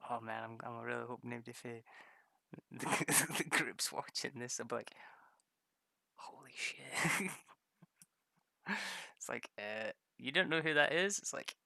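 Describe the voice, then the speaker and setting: Gravelly, bright-voiced rambling streamer. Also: medium pitch, animated, a little slow, pauses often, no room sound, studio quality. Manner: rambling, self-mocking, swears freely; laughs often. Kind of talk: casual livestream chat while drawing maps.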